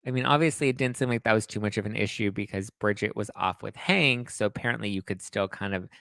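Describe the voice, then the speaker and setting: Gossipy man host, bright tone, dry close sound. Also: fairly low pitch, quick pace, gravelly, no echo. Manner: gossipy, dramatic, animated. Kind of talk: casual book recap chat.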